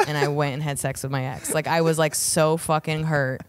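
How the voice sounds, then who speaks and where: Animated low-voiced woman comedian. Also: fairly quick. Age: middle-aged. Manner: animated, acts out quotes with jumps in pitch. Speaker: stand-up comedian, guest. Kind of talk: casual podcast chat, storytelling.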